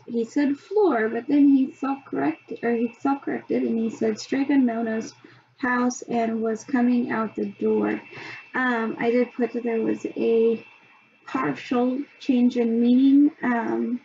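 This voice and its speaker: A woman presenting a reading assessment, talking slowly with many pauses and ums. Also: a little high, fairly even intonation, creaky, dark tone. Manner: slow, hesitant, many ums. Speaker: student presenter. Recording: dull lo-fi sound, faint background hum.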